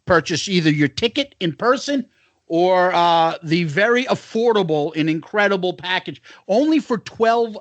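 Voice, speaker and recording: A man's voice: high-pitched, animated, moderate pace, no echo. A man co-hosting a podcast over a remote call, loose and profane. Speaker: podcast co-host. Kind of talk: casual podcast chat.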